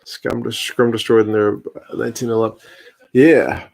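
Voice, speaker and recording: A man's voice: lowish voice, little pitch movement, takes it slowly, gravelly, a little mellow. A man, chatting casually on a live stream as host, answering viewer comments while watching a rugby match.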